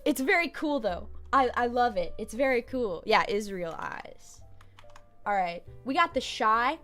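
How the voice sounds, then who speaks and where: A young woman chatting casually on a live stream, chaotic and jokey, with quick swings of mood. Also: on the high side, animated, a bit bright, soft background music.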